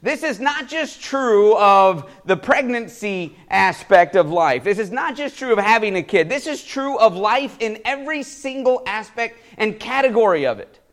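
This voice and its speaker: A man with a notably high voice preaches a sermon in a church. He talks in an animated, conversational way, chuckling and doubling back on words as he goes. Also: moderate pace, few pauses. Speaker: pastor.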